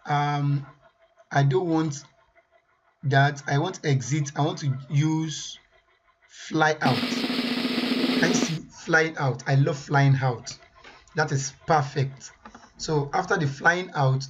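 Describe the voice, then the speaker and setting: A man presenting a software tutorial, thinking aloud as he weighs each option and often repeats himself. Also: on the high side, highs cut off. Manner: muses aloud over choices, repeats himself.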